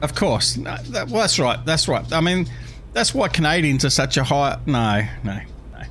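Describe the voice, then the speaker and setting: A man's voice: a little high, lively intonation, moderate pace, a bit bright, a little hiss or hum. An Australian man hosting a livestream, rambling and joking as he reads out chat messages. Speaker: livestream host.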